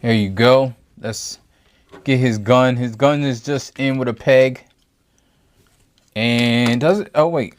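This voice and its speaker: A man's voice: mid-range voice, slow, long pauses. A man giving a casual toy review from his home review table, rambling and thinking aloud with frequent self-corrections.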